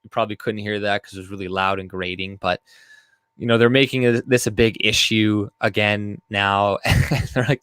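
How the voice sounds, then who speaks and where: A man's voice: lowish voice, fairly even intonation, normal speed, fairly bright tone, clear, resonant tone, no echo. A man giving a casual, profane, rambling commentary on news stories, reading articles aloud. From Canada. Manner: rambling and profane, with frequent fillers and laughs. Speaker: video commentator.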